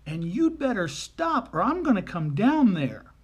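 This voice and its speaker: Man playing bossy little girl, indignant and scolding, pitched up and loud. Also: sing-song, measured pace, husky, lo-fi sound, exaggerated voice.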